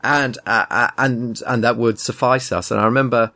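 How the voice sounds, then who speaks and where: A man's voice: medium pitch, fairly even intonation, normal speed, bright, forceful tone. A man, co-hosting a podcast with dry, mock-pedantic teasing in casual chat. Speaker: podcast co-host.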